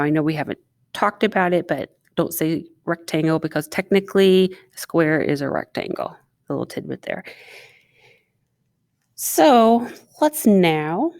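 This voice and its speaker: A woman's voice: low voice, a little mellow, dry recording. A woman teacher talking students through a recorded math lesson, chatting and asking them questions as she writes. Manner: chatty, asks students questions while writing.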